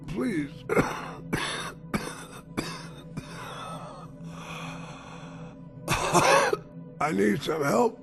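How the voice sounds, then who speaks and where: A gravelly, feverish dying man. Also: fairly high pitch, big-room sound, full character voice. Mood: pleading, weak. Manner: pleading, then bitter and defiant. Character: feverish dying man, demanding, terrified of death. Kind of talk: dubbed drama dialogue.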